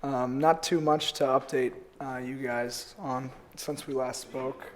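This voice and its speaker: A man's voice: mid-range voice, steady tone, slow pace, noisy background. A man with a cold giving a polite county update at a meeting, with frequent fillers. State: has a cold. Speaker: county planning liaison. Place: meeting room.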